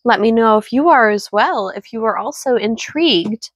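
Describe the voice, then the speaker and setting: A hoarse woman reading a ghost story aloud, then chatting about it with playful, wry asides. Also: on the high side, expressive, normal speed, no room sound. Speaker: book read-aloud host.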